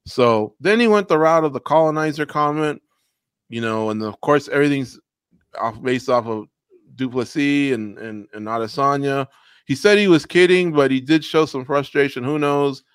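A man co-hosting a podcast, chatting casually about fights in an animated way and slipping into mock voices. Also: mid-range voice, moderate pace, clear, resonant tone, no echo, clean studio sound. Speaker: podcast co-host. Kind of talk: casual MMA recap chat.

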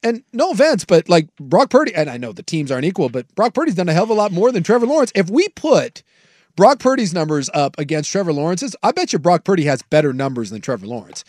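A man co-hosting a casual sports talk show, arguing his points in animated bursts. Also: high-pitched, no room sound, studio quality. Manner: animated, argumentative, rapid bursts.

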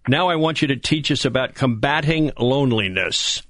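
A man's voice: mid-range voice, animated, moderate pace, a bit bright, dry recording, clean studio sound. A man in his seventies hosting a radio interview, asking questions in a friendly, upbeat way. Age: 70s. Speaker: radio host.

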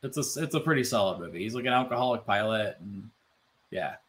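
A man co-hosting a casual podcast chat, animated and loose, full of "like" fillers and swearing. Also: fairly low pitch, quick pace. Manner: animated, swearing, many "like" fillers, mimics voices. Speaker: podcast co-host.

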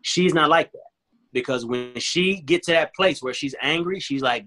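A man's voice: mid-range voice, moderate pace, pushed and bright. A man guest in a candid interview, talking earnestly and acting out both sides of an argument as he tells it.

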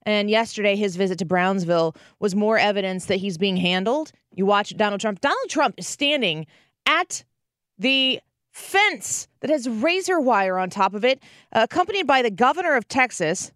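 A woman in her thirties hosting a talk radio show, telling stories with animated energy and acting out the quotes. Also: medium pitch, moderate pace, no echo, studio quality. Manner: animated storytelling, acts out quotes. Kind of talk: conservative talk radio monologue.

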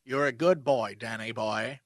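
A man voicing a gruff, deadpan male TV hero in a flat, mock-serious way. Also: medium pitch, measured pace, no echo, clean studio sound, pitched below the performer's own voice, close to an everyday voice.

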